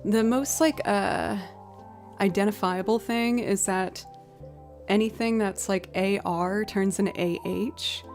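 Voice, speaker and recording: A woman from outside Boston, USA, speaks slowly at a medium pitch with a darkish tone, faint music playing behind her. A musician streamer, she chats casually and thinks aloud between songs in an American accent with light Southern slips.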